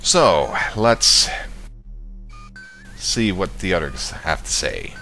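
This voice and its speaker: A man's voice: low voice, big pitch swings, drawn-out words, bright, forceful tone, soft background music. A man commenting casually on a video game he is playing, joking and reading game text aloud. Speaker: let's play commentator.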